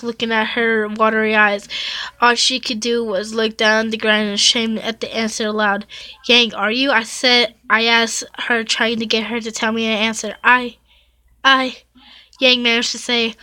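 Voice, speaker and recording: Reading fan fiction aloud with no room sound, a woman YouTuber whose voice is a little high and sharp keeps tripping over the words and fixing them. Every so often she stops to react with dramatic exclamations.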